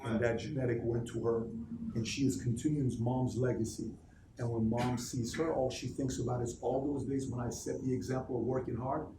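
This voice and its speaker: Addressing his team in an office meeting space, a motivational speaker gives a live, animated, emphatic talk, firing questions at the room a little fast. His ordinary-pitched voice echoes off the walls, picked up from a distance with faint noise behind it.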